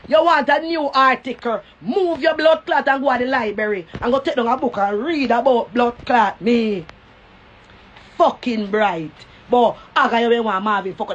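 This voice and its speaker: A Jamaican woman with a high-pitched voice rants into her phone on a live stream. She spits profanity and taunts, hammering the same insults again and again. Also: a bit bright. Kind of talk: cussing rant on a live stream.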